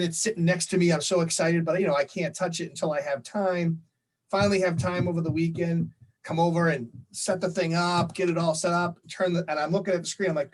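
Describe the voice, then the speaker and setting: A man's voice: sits high, rough recording. Chatty man on a video call. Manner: chatty, rambling storyteller with many fillers. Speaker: guest. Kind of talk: casual chat.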